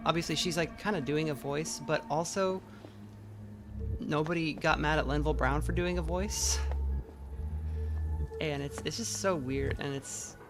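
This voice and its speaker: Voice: mid-range voice, fairly bright tone, a little hiss or hum. A game streamer in casual let's play commentary, rambling with many fillers and restarts while speaking into a desk mic. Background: game music.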